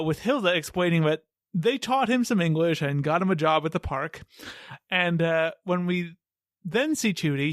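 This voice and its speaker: A man's voice: a little high, fairly bright tone, dry recording. Man joking on a podcast, dry sound. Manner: joking, laughs often. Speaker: podcast host. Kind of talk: casual podcast chat.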